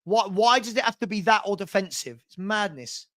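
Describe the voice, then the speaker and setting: A man's voice: sits high, lively intonation, normal speed, fairly bright tone. A young man hosting a live football watchalong, ranting heatedly and hurling insults.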